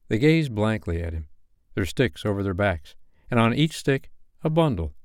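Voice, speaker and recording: A male storyteller with a low voice that rises and falls in a lively, animated way as he reads a bedtime story. The sound is dry and close to the mic. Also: normal speed, no room sound. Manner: expressive, animated reading.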